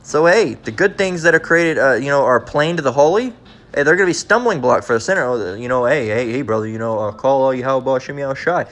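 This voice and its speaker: A man preaching in a blunt, confrontational way, repeating his points and reading scripture slowly and deliberately. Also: medium pitch, expressive, a bit bright. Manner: blunt, repetitive, keeps asking "all right?"; reads verses slowly and deliberately. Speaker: street preacher.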